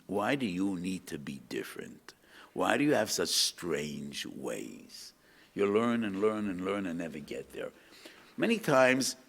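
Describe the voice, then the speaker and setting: A man's voice: low voice, fairly bright tone. An older man giving a rabbinic lecture, telling stories, quoting Hebrew texts and asking his listeners questions. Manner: storytelling, asks the audience questions, mixes in Hebrew quotes. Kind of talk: lecture to an audience.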